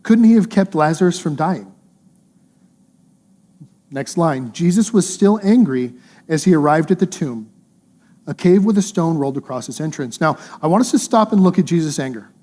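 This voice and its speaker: Earnest, mellow-voiced male preacher. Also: a little high, lively intonation, brisk. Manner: earnest, conversational preaching with emphatic repetition. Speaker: pastor. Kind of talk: sermon.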